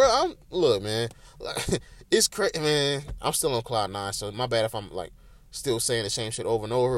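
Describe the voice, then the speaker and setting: A man's voice: medium pitch, no room sound. Guy rambling solo on his podcast, swears a lot, emotional, dry close sound. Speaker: podcast host. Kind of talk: casual solo podcast monologue. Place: small home room.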